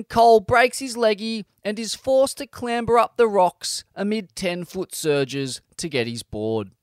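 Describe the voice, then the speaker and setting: High-voiced male narrator. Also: smooth, dry recording, studio quality. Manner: measured storytelling delivery. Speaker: podcast narrator. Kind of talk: scripted narration.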